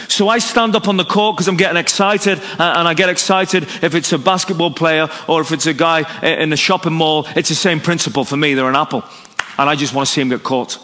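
Brief: male preacher, lively storyteller, slightly higher voice, long hall reverb. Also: quick pace. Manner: animated, story-driven, acts out dialogue. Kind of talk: evangelistic sermon with storytelling.

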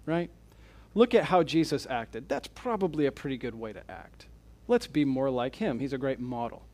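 Lively, conversational male pastor teaching. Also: on the high side. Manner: conversational, checks in with listeners; explains and paraphrases quotes in a lively way. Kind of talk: teaching sermon.

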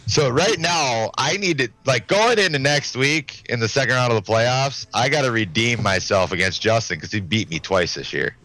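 A man co-hosting a casual podcast, telling a story in a relaxed, matter-of-fact way. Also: medium pitch, normal speed, few pauses. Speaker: podcast co-host.

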